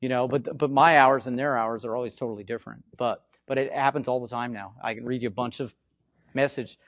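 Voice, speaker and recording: Guy preaching about healing, kinda hoarse, gets loud then drops low, keeps saying okay, dry sound. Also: brisk, no echo, highs cut off. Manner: animated, swings between loud bursts and low asides; repetitive, conversational, frequent "okay?" check-ins. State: hoarse from frequent yelling. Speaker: faith healing minister. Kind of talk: informal spoken teaching.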